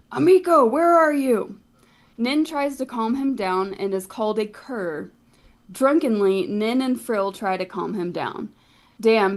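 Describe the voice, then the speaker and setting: A woman casually narrating a recap of a tabletop game session, wry and often swearing. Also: mid-range voice.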